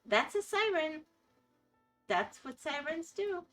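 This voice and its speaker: A woman's voice: sits high, sing-song, slow pace, fairly bright tone, faint music behind. A woman with a Florida accent chatting casually with her stream chat, laughing often and apologizing when she stumbles over words.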